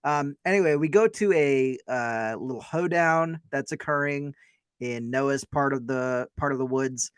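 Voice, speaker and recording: A man's voice: mid-range voice, unhurried, clean tone, no room sound, clean studio sound. A man co-hosting a podcast, chatting casually about a film in a rambling, hedging way. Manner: rambling, hedging, self-deprecating. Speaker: podcast co-host.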